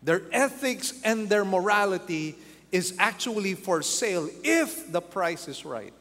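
High-voiced slow preacher in a big hall. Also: male voice, animated, fairly bright tone. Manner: acts out quoted voices, repeats key phrases for emphasis. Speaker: pastor. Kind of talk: sermon. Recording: long hall reverb.

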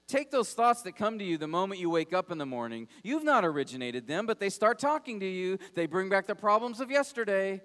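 Male pastor, sermon, high voice, dynamic preaching from loud to hushed, long reverb. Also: sing-song, moderate pace. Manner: dynamic preaching, swings from loud urgency to quiet low emphasis.

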